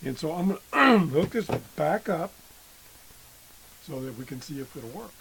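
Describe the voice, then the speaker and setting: Slow halting man clearing his throat. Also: fairly high pitch, sing-song, fairly bright tone, poor audio. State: losing his voice after illness. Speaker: radio hobbyist video host. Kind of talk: casual show-and-tell demo.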